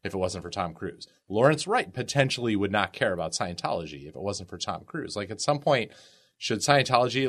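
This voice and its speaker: A man's voice: fairly low pitch, lively intonation, brisk, a bit bright. A man talking through a book in a casual panel discussion, dropping frequent "like"s. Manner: conversational, filler-heavy with frequent "like".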